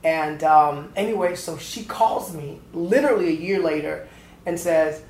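A man in his fifties from Atlanta, Georgia, telling his story as a choreographer guest in an interview, lively and acting out the voices in his anecdotes. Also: a little high, a little slow. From Atlanta, Georgia, USA. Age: 50s. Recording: roomy echo with faint background noise.

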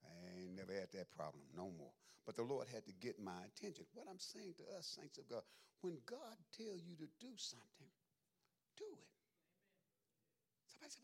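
Animated, gravelly-voiced preacher man. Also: normal speed. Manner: dramatic, preachy, jumps into high exclamations; folksy, humorous asides. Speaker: pastor. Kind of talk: sermon with storytelling.

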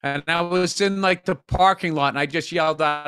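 A man's voice: fairly high pitch, moderate pace, clean tone, no room sound, studio quality. A man co-hosting a podcast, telling stories in casual, profane chat. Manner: animated, profane storytelling. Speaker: podcast co-host.

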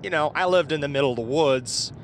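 A man's voice: a little high, quick pace, slight background noise. A man from southeast Iowa casually telling a personal encounter story in a rambling, informal way, with fillers and the odd curse word. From southeast Iowa, USA.

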